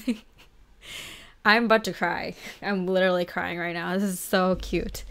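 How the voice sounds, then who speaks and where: A woman's voice: on the low side, steady tone, normal speed, a bit bright. A woman giving a casual pick-a-card tarot reading, chatty and giggly, filling her talk with "like". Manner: chatty and giggly, heavy use of "like". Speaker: tarot reader.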